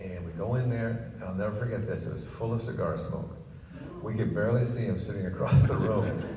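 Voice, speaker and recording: Speaking briskly in a lowish voice, an older comedian spins chatty, self-amused stories on stage in a large ballroom at a book festival. A crowd can be heard behind him, and the recording is echoey, noisy, and distant from the mic.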